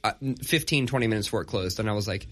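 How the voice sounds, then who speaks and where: A man's voice: lowish voice, very fast. A man in his thirties chatting casually on a podcast, telling stories with animation and cursing freely. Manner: animated storyteller, swears freely. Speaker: podcast co-host. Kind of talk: casual chat.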